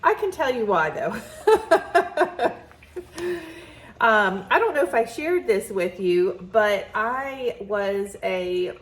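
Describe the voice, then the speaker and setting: A woman's voice: medium pitch, expressive, unhurried, few pauses. A woman from the American South, talking chattily to camera in her kitchen with her morning voice and laughing often. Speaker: vlogger. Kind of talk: casual chat to camera. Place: farmhouse kitchen.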